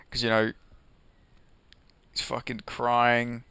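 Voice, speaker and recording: Young guy ranting about mma, swears a lot, bright crisp voice, dry close sound. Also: mid-range voice, moderate pace, dry recording. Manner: profane, heated, heavy use of "like" and "you know"; sarcastic. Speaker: MMA commentary vlogger. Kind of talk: casual opinion rant.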